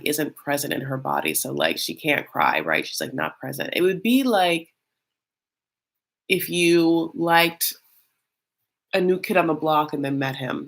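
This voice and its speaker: A woman hosting a casual reality-show recap, chatty and loose, full of fillers and calling the audience honey. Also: sits low.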